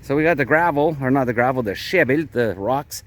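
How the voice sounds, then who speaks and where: Speaking a little fast with lively intonation in a mid-range voice, a Canadian man vlogs casually from his garden plot outdoors. His Canadian accent carries chatty, rambling explanations of his day.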